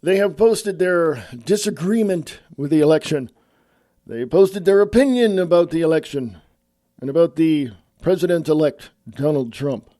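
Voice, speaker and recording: A middle-aged man from California speaks bluntly and with strong opinions, talking straight to his viewers. His voice sits slightly high and sounds mellow and relaxed. The recording is dry and close. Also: moderate pace, no echo. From California, USA. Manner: blunt, opinionated, addresses listeners as folks. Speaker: online commentator. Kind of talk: casual political rant to camera.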